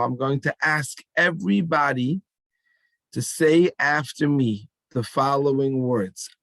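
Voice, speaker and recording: A man's voice: mid-range voice, no room sound. A man giving an emphatic call-and-response talk to children at a rally. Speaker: speaker addressing children.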